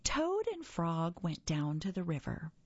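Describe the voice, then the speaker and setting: Woman storybook reader: husky, lower voice with lively pitch, measured and expressive, dry close sound. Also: no room sound, highs cut off. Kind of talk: reading a children's book aloud.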